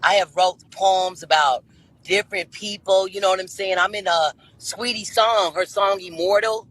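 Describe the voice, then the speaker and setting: A woman's voice: mid-range voice, steady tone, normal speed, a bit bright, low-quality recording. A woman in her fifties answering interview questions as a guest, brash and self-assured, drawling and repeating her points. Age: 50s. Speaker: guest on a dating talk show.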